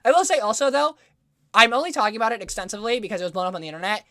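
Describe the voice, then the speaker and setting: Talking very fast in a highish voice, a woman hosts a casual podcast and tells a sarcastic, swear-heavy story with lots of animation. There's no echo on the recording.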